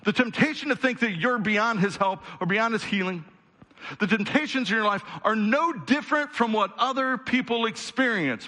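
A male pastor preaches a sermon at a moderate pace in a voice that sits high. Addressing his congregation directly and conversationally, he builds to fervent, rhythmic crescendos and then quiets back down.

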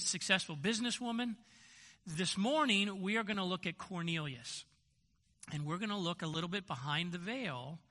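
A man's voice: high voice, pushed and bright. An older man, a grandfather and pastor, preaching a sermon in a conversational storytelling way, often restarting his sentences. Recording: long hall reverb.

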